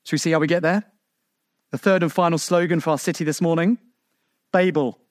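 A man preaching a sermon, emphatic and full of rhetorical questions to his congregation, with sharp swings in pitch for emphasis. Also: steady tone, fast, no room sound, studio quality.

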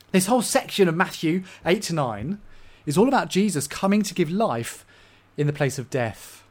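An expressive Englishman preaches a sermon to his congregation in a voice pitched a little higher than most men's. He alternates between loud, emphatic peaks and quiet, hushed asides.

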